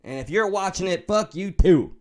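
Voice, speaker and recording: A man's voice: high-pitched, animated, moderate pace, darkish tone. A man with a New York accent hosting a livestream, reading chat and talking candidly, swearing and joking as he rambles.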